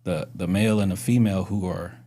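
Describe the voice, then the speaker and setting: A man's voice: low-pitched, fairly even intonation, brisk, mellow. A middle-aged man hosting a podcast, talking earnestly and reflectively in casual conversation, asking his guests questions. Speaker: podcast host.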